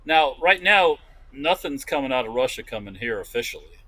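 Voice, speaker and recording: A man's voice: mid-range voice, expressive, fairly quick, pushed and bright, low-quality recording. A man co-hosting a podcast in casual chat, blunt and rambling, swearing freely. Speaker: podcast co-host.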